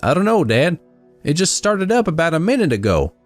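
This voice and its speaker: A man's voice: fairly high pitch, very animated, fairly quick, soft background music, voice pushed up. A man voicing the storyteller's younger self, an anxious young adult son, in a horror story. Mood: worried.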